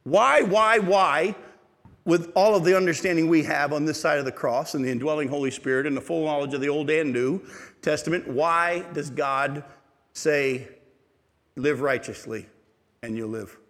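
A man preaching a sermon as pastor, animated and asking the congregation rhetorical questions. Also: a little high, normal speed, big-room sound.

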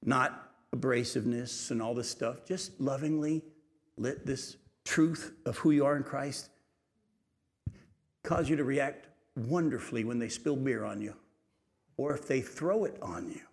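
A male pastor preaching in a mid-range voice. He reads scripture aloud, then comments on it, moving between loud emphasis and soft, hushed passages. The sound carries a long reverb, like a large church hall. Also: medium pitch, a little slow, vocal fry. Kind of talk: sermon.

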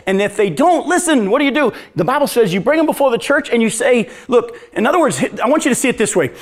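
A man preaching with a notably high-pitched voice. He tells lively stories, chuckles at his own jokes, and answers audience questions in a conversational way. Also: very fast, few pauses. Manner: animated, storytelling, laughs at own jokes. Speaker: pastor.

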